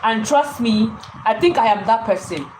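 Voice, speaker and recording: A woman's voice: on the high side, animated, moderate pace, reverberant, noisy background. A woman co-hosting a live anniversary stream from home, talking emotionally to viewers and often repeating herself. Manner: emotional, repeats and restarts phrases.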